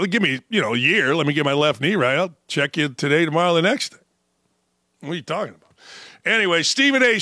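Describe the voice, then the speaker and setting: A man's voice: fairly high pitch, bright, forceful tone, dry recording, studio quality. A man hosting a sports talk show, ranting bluntly with profanity, mocking asides and sudden emphatic outbursts. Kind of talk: opinionated sports talk rant.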